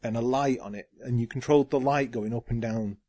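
A man's voice: mid-range voice, fairly quick, warm tone. A man co-hosting a casual podcast chat, earnestly explaining things at length with ums and restarts. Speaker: podcast co-host.

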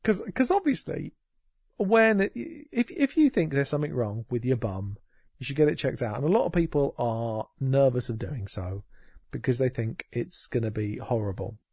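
A man's voice: medium pitch, expressive, normal speed, gravelly, darkish tone, slightly rough, no room sound. A man co-hosting a podcast, chatting casually in a rambling, sweary and sarcastic way. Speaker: podcast co-host. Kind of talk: casual chat.

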